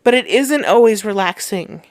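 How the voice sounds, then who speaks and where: A woman's voice: mid-range voice, expressive, normal speed, no echo. A young woman hosting a podcast in casual chat, reading listener comments aloud and laughing often. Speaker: podcast host.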